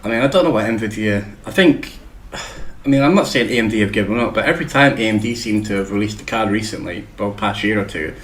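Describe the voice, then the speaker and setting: Lowish-voiced guy hosting a tech show, swears a lot, jokey, room echo. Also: a little fast. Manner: rambling, swears freely, jokey. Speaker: show host. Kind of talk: casual tech chat.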